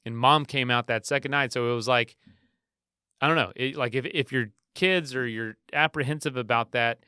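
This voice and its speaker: A man in his thirties hosting a podcast, telling stories in a relaxed, rambling way with frequent restarts. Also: medium pitch, moderate pace, clean tone, no echo, clean studio sound. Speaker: podcast host. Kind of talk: casual storytelling monologue.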